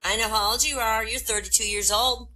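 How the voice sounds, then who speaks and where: A woman's voice: on the high side, steady tone, a little fast, sharp tone, pitched above the performer's own voice. A woman voicing a nosy, blunt little girl who asks pestering questions.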